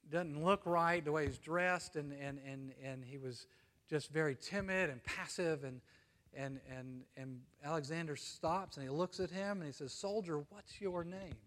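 A man with an American accent preaching a sermon, earnest and emphatic, often dropping to a hush and asking "you see?". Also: fairly high pitch, in a large hall. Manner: earnest, swings between emphatic and hushed, frequent "you see?". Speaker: pastor.

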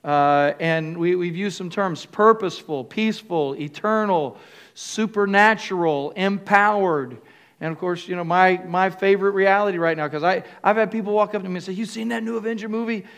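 An older male pastor preaches a sermon in a high, fairly bright, smooth voice. He calls on the congregation to answer back and often stops to restart his phrases, speaking haltingly with fillers.

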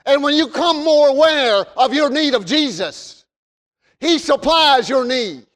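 A man preaching a sermon from the pulpit in an emphatic way, repeating phrases and rising to shouts. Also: very high-pitched, animated, unhurried. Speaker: pastor. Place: church sanctuary. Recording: long reverb of a large hall.

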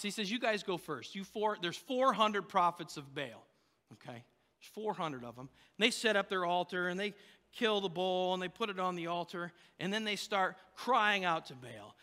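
A man's voice: high-pitched, sharp tone, big-room sound. A man preaching a sermon, telling a story in a loose, conversational way with fillers and restarts. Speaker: pastor.

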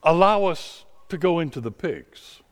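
A man voicing a tormented, possessed hermit who lives among tombs, pleading in a low voice. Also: animated, a little slow, big-room sound.

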